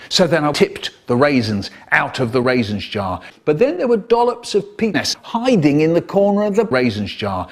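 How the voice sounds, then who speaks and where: An older man reading a children's story aloud in a theatrical, expressive way, jumping into high squeaky voices for the characters and stretching words for effect. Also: normal speed. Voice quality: expressive, voices the characters with big pitch jumps. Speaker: storyteller in a spliced comedy edit.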